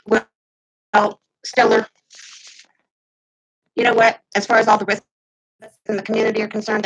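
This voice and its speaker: A woman in her fifties venting heatedly to her camera, swinging between loud outbursts and muttered asides. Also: medium pitch, husky, rough recording. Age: 50s. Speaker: vlogger. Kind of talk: casual ranting to camera.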